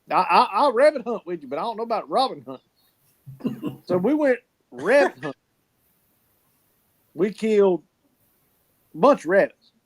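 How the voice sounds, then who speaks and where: A man telling folksy stories in casual chat, swearing freely and laughing often. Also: sits high. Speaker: podcast co-host.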